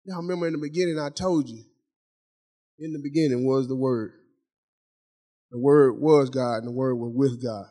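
A middle-aged man delivers a sermon in a notably high voice. He preaches in a folksy, conversational manner, speaking directly to his congregation. He repeats key phrases again and again for emphasis. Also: brisk. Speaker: pastor.

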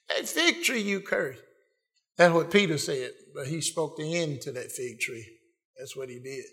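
High-voiced fervent male preacher. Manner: fervent preaching with repeated amens and rising emphasis; swings between quiet asides and loud declarations. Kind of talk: sermon.

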